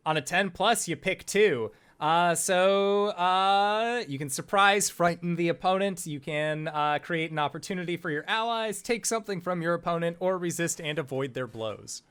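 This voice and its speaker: This is a relaxed game master running a tabletop superhero game. The voice sits at a middling pitch, and the narration is loose and chatty, full of "like" and "uh". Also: normal speed, few pauses, clear, resonant tone. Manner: laid-back, filler-heavy narration.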